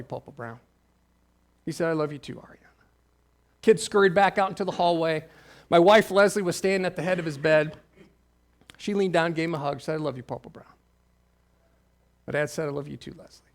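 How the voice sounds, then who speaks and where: In his forties and from Ohio, a man preaching as pastor recounts something personal. He goes quiet and intimate at first, and his voice builds when he is moved.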